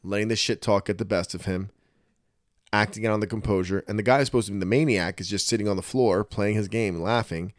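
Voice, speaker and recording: Blunt low-voiced man telling stories. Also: fast, dry recording, studio quality. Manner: blunt, animated storytelling with swearing. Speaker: podcast co-host. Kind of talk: casual podcast chat.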